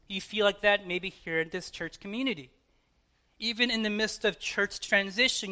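A man in his thirties with an American accent, preaching a sermon in church in a conversational way, with dramatic pauses and soft asides. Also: high-pitched. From United States. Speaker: pastor.

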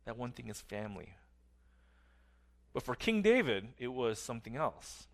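A middle-aged man preaching a sermon earnestly, his phrases often trailing off softly at the ends. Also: mid-range voice, big pitch swings, normal speed, vocal fry, long pauses. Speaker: pastor.

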